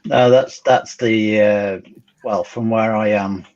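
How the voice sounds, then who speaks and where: A man's voice: lowish voice, fairly even intonation, takes it slowly, darkish tone, highs cut off. A man, a guest on a live stream, teasing in a dry way. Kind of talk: casual chat on a live stream.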